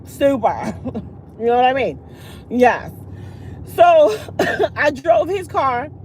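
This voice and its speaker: Slow and high-pitched, this middle-aged channel host and vlogger tells her viewers a long story in casual conversation. She's animated, acting out the other people, and there's a little hiss or hum in the recording.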